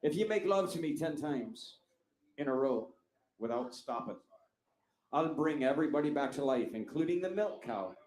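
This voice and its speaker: A man's voice: a little high, expressive, normal speed, a little mellow, echoey room, lightly acted, poor audio. A man voicing a sly female leprechaun who bargains, in a joke. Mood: bargaining. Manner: wheeling and dealing.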